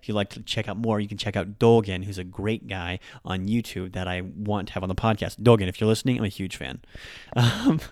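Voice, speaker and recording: A man's voice: darkish tone, no room sound, studio quality. Chatty man teaching on a podcast. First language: English. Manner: chatty, repeats words slowly to show pitch. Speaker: podcast host teaching Japanese. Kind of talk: casual spoken lesson.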